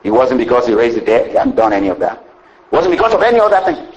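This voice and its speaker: A man's voice: mid-range voice, very animated, very fast, highs cut off. A man preaching a sermon with a rising and falling cadence, often saying "you know" between phrases.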